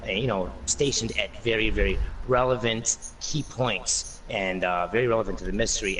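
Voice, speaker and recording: A man guesting on a casual gaming discussion, thinking aloud with lots of fillers. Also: lowish voice. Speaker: guest panelist. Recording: distant mic with faint noise.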